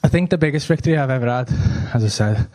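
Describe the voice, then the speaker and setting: A man's voice: mid-range voice, fast talker, darkish tone. A young man doing a stand-up routine, rambling and swearing, working himself up into exasperated rants. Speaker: stand-up comedian.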